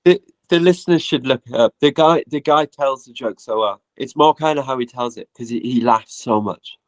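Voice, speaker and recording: A man's voice: medium pitch, moderate pace, no room sound, low-quality recording. A man from Carlisle, a musician guest, chatting casually and telling a story in a self-deprecating way over a video call. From Carlisle, England. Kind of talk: casual chat.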